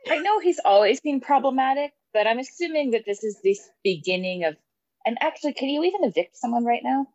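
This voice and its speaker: A woman co-hosting a podcast in casual chat, reacting to a story with quick questions. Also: high-pitched, lively intonation, a little mellow, no room sound, highs cut off.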